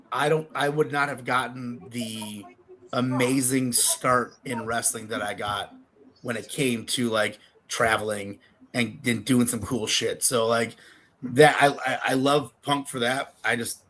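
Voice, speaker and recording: Bright-voiced animated male storyteller. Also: mid-range voice, a little slow, a little hiss or hum. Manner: animated storyteller, swears a lot, laughs often. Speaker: podcast guest, wrestler. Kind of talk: casual chat.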